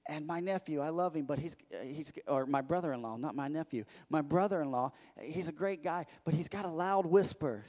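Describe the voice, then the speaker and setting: A man preaching a sermon as pastor, emphatic and repetitive, building to loud declarations. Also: on the high side, fairly quick, few pauses. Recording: echoey hall.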